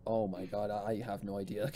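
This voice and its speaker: A woman's voice: rumbling low, flat delivery, a little fast, mellow, slight background noise. A woman co-hosting a stream, reacting with laughs and trailing filler words. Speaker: stream co-host. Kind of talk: casual live-stream chat.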